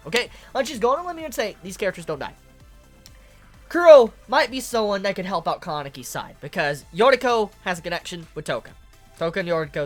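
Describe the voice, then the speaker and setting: A young woman giving casual manga commentary, emphatic and repetitive, swearing often. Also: sits low. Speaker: manga reviewer.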